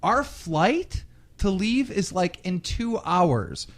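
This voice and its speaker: With a high voice and slow delivery, a young podcast host spins a story casually and profanely. He's animated and acts out the quotes of the people involved.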